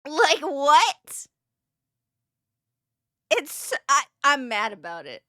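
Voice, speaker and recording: Bright, high-voiced woman reacting with exasperation. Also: very animated, drawn-out words, no echo, studio quality. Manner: exasperated, laughing, profane. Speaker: streamer. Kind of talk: casual video reaction.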